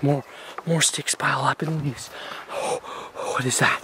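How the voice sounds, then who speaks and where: A man in a comic found-footage parody, filming himself on a handheld camera outdoors in a forest. He fakes panic, jumping between hushed whispers and high squeals. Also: steady tone, unhurried, pauses often, very noisy. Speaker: amateur filmmaker playing a lost hiker.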